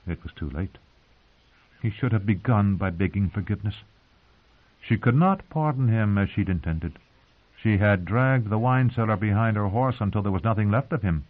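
A man narrating an audiobook in a measured, calm reading, heard through narrow phone-like sound. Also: on the low side.

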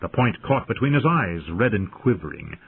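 A man reading a fantasy audiobook in a dramatic, lively narrating style over tinny phone-like audio. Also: on the low side, moderate pace, vocal fry, slightly rough.

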